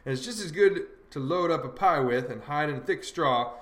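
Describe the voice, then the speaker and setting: A man's voice: a little high, lively intonation, normal speed, a bit bright. A man voicing a plain-spoken, skeptical teenage boy who talks in practical folksy dialect, in an audiobook reading. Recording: roomy echo.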